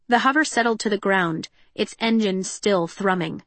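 A woman reading an audiobook in a measured, tense and expressive way. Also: medium pitch, dry recording. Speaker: narrator. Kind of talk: audiobook narration.

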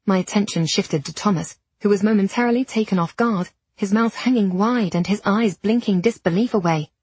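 Audiobook narrator, woman, breathy mid-range voice, dry close studio sound. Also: mid-range voice, a little fast, few pauses, dry recording. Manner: steady storytelling with period diction. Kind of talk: scripted first-person narration.

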